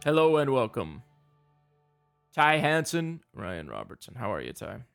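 A man leads a finance podcast's chat, upbeat and bantering. He talks slowly, and his voice carries a gravelly rasp at a middle pitch. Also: very animated, fairly bright tone, faint music behind. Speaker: podcast co-host. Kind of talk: casual chat.

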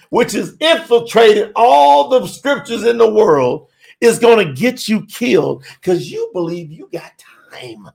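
A man preaching an urgent sermon, shouting and pleading with his listeners. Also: high-pitched, lively intonation, unhurried, creaky. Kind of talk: fiery sermon.

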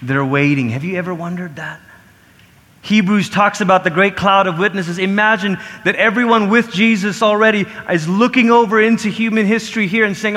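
A man preaching a sermon, talking in an animated way and acting out quoted voices with big swings. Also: high-pitched, moderate pace. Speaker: pastor. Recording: long reverb of a large hall.

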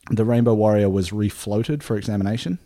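A man with a low voice hosting a casual history podcast, working through his notes in a relaxed way. He fills pauses with "uh" and "um" and laughs easily. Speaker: podcast host.

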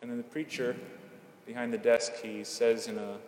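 A man preaches a homily at Mass in a measured, earnest way, slowing down for emphasis. His voice sits at an ordinary pitch. It rings through a large church with a long reverb, over a faint hum of the room. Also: level tone. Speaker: Catholic priest.

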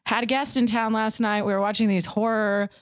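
A woman's voice: mid-range voice, brisk, no echo. A young woman co-hosting a casual podcast, telling stories and acting out the voices of people in them. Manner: animated, acts out voices in stories. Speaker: podcast co-host.

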